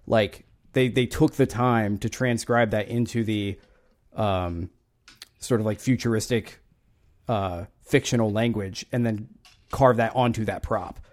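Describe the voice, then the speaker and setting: A man's voice: fairly low pitch, measured pace. A man co-hosting a casual movie podcast, thoughtfully sharing details and trivia. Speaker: podcast co-host.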